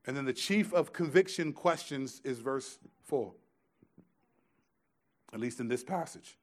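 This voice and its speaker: Emphatic pastor, quiet then loud. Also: male voice, mid-range voice, lively intonation, measured pace. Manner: conversational, casual storytelling asides. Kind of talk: sermon.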